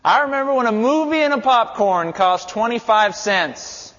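Preacher puts on a loud, raised, griping old-timer; echoey lo-fi hall. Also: male voice, extremely high pitch, animated, normal speed, voice pushed up. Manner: whiny, exaggerated griping. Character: grumbling nostalgic old man, forever complaining. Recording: echoey hall, dull lo-fi sound.

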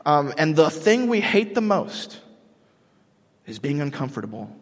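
Man preaching, casual and joking, fairly high voice, long hall reverb. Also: a little slow. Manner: casual, joking, animated storytelling. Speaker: pastor. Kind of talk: conversational sermon.

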